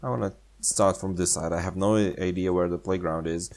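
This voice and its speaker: A man's voice: sits low, fairly even intonation, brisk, vocal fry, darkish tone. Sarcastic man doing gameplay commentary. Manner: sarcastic, playful, speaks English as a second language. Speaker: gaming channel host.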